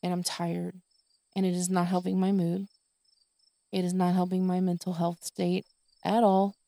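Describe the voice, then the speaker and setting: A woman's voice: on the low side, flat delivery, moderate pace, gravelly, dark tone, no room sound, studio quality. A woman hosting her own podcast, venting in a tired, exasperated monologue full of swearing. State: exhausted. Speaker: podcast host.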